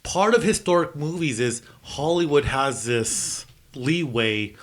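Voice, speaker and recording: A man's voice: a little high, lively intonation, a little slow. Man with a slight lisp. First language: Spanish. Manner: rambling, repeats words while explaining history. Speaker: co-host. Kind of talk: casual chat. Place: home in New Mexico.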